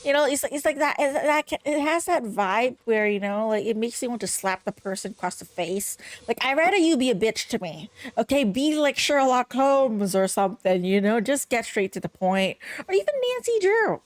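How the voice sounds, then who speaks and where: A woman's voice: fairly high pitch, expressive, moderate pace, few pauses, dry recording. A young woman giving casual gaming commentary, rambling and exasperated, full of "like" fillers as she picks apart a game's voice acting. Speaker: game streamer.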